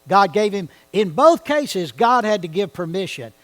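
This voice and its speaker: A man's voice: sits high, sing-song, moderate pace, fairly bright tone, low-quality recording. A man leading a church Bible study, talking conversationally and often asking his listeners questions. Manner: conversational, asks the audience questions.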